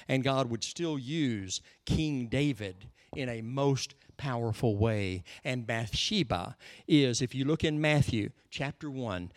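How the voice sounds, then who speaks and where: A pastor giving a sermon, teaching in an earnest, conversational way and slowing down for emphasis. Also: male voice, medium pitch, no room sound, clean studio sound.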